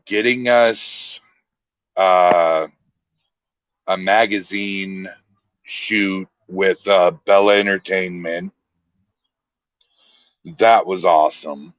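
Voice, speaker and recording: This low-voiced man, fairly bright in tone, appears as a podcast guest and founder of a paranormal team, spinning laid-back stories in an easy drawl. The sound is dry, dull and lo-fi.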